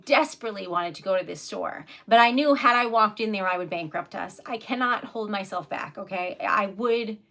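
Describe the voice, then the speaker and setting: A young woman hosting a casual livestream, chatty and giggly, sometimes dropping into soft whispers as she reads comments. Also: on the high side. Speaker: livestream host selling typewritten poetry.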